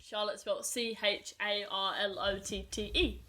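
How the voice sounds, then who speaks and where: A woman's voice: mid-range voice, level tone, measured pace, background noise. A teenage girl with a Cockney accent co-hosting a casual podcast, giggly and answering in short bits. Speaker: podcast co-host.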